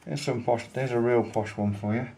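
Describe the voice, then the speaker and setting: Bloke chatting away in a showroom, excited, recommending stuff, ordinary middle pitch. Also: male voice, normal speed, vocal fry, a little hiss or hum. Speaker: vlogger. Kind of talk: casual showroom chat to camera. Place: pipe maker's showroom, indoors.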